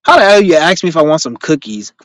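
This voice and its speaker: Man, live-stream host, casual chat, street slang, swearing, animated storyteller, fairly high pitch. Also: fast talker, no room sound, rough recording. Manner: rambling, profane street slang. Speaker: live stream host answering viewer questions.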